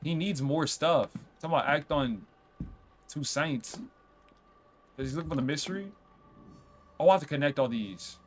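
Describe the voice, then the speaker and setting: A man streaming a game, chatting casually, reading on-screen text aloud and reacting with quick outbursts. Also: fairly high pitch, soft background music. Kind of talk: casual let's-play commentary.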